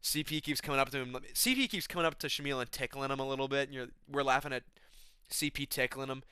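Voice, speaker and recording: A man's voice: medium pitch, quick pace, bright, forceful tone, smooth, dry recording, clean studio sound. A young man telling a casual, comedic vlog story in slangy talk full of "bro" and "man". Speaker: YouTuber, MMA commentator.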